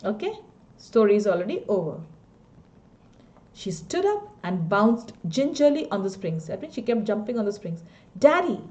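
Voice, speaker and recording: A woman's voice: medium pitch, big pitch swings, moderate pace, mellow. A woman teacher with an Indian English accent, reading a story aloud and stopping to explain its words.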